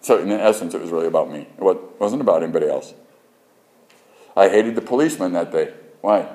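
A man's voice: low-pitched, quick pace, dark tone. A man preaching a sermon in a conversational way, with frequent restarts, building to emphatic points. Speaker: preacher and radio host.

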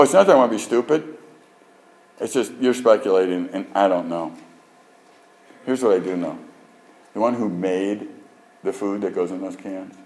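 A male preacher giving a sermon in an animated, joking, emphatic storytelling manner. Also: low voice, low-quality recording.

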